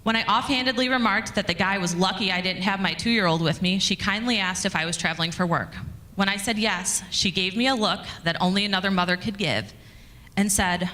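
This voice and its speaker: Bright-voiced woman in a reverberant hall. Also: medium pitch, brisk. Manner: conversational, chatty, with fillers and restarts. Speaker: conference speaker, communications director. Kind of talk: storytelling talk to an audience. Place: conference hall.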